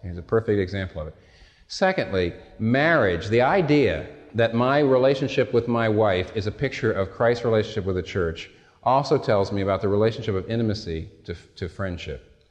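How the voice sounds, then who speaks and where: A man's voice: lowish voice, lively intonation, a little fast. Man preaching in a reverberant hall. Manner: storytelling, self-deprecating, conversational asides. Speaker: pastor. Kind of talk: sermon.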